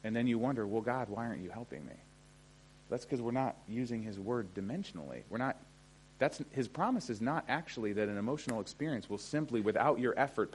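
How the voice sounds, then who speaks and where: A man's voice: mid-range voice, husky. A middle-aged man preaching a sermon in a conversational way, often checking in with his listeners. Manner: conversational, often asks "okay?". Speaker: pastor.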